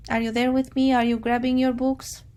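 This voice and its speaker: A woman teacher who calmly and patiently guides her class, summarizing a chapter and reading a novel aloud. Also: high voice, moderate pace. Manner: calm, patient, guiding students.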